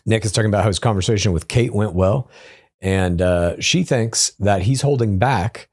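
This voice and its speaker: Man, low voice, podcast co-host, casual recap chat, playful quoting. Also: a little mellow. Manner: recaps scenes by acting out quotes in quick voices.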